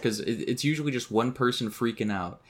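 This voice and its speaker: A man's voice: mid-range voice, a little fast. A man co-hosting a podcast, chatting casually, swearing freely and laughing often as he tells stories about online games. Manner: laughing, swearing, animated storytelling. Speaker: podcast co-host. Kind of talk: casual chat.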